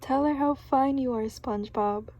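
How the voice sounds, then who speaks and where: A woman's voice: high voice, moderate pace, muffled recording. A woman reading the lines of a goofy male starfish playing doctor, in her own voice, breaking into laughs. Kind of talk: storybook read-aloud.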